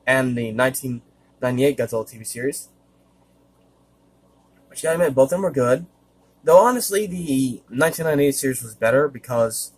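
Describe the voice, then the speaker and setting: A man vlogging casually in a rambling, hesitant way, with many fillers and frequent throat-clearing. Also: mid-range voice. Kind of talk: casual monologue.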